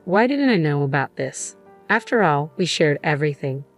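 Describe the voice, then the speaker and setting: A woman reading a story puts on an arrogant young woman who sneers and snaps. The voice sits low but is pushed up into a sharp, scornful tone. Faint music plays softly behind her. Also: sing-song, normal speed. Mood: frantic. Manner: scornful, snapping.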